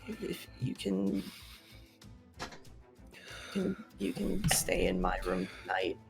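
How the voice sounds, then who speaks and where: A woman playing a gentle young woman who calmly soothes a frightened friend in a tabletop horror game. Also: rumbling low, creaky, faint music behind, exaggerated voice. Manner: soft, slow and soothing, half whispered.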